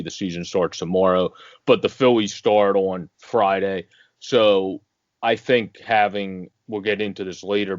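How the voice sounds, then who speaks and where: Very deep-voiced podcast co-host man. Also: dry recording, highs cut off. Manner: relaxed, rambling, many fillers. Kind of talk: casual sports podcast chat.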